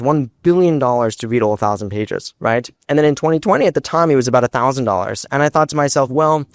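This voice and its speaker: Onstage before a big live crowd, a young American man who founded a startup tells stories as a guest speaker, fast and animated, acting out the quotes. He has a mid-range voice, and the studio-quality audio has no echo.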